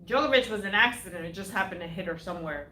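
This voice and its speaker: A woman co-hosting a live tennis talk show, giving quick replies and reading out viewer comments. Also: medium pitch, bright, forceful tone. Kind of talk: casual live-stream discussion. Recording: echoey room.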